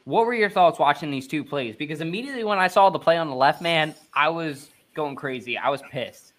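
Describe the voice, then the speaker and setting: A man in his twenties hosting a casual sports podcast, talking with excitable, hyped fan energy. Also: fairly high pitch, fairly quick. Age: 20s. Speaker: podcast host.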